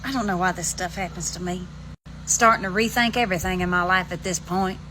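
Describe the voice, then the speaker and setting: A vlogger with an Alabama Southern accent sits on her front steps outside, chatting to her phone and rambling in folksy country slang. Her voice is fairly low, a little fast, and sharp, with some hiss or hum on poor audio.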